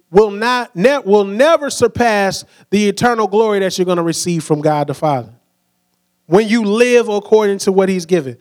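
A young man preaching a sermon with energy, acting out quoted voices and asking the crowd to say words back. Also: high voice.

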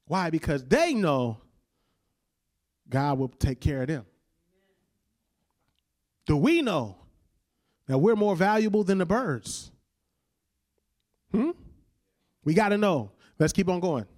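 A man preaching a sermon in a casual, conversational way, slowing down and dropping his voice on key lines and calling on listeners to repeat after him. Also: fairly high pitch, big pitch swings, darkish tone. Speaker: pastor.

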